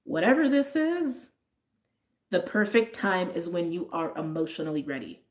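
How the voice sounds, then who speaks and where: Chatty woman doing a tarot reading, low voice, lots of "like"s. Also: big pitch swings, moderate pace. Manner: chatty, lots of "like", frequent laughs. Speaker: tarot reader. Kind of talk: casual intuitive tarot reading.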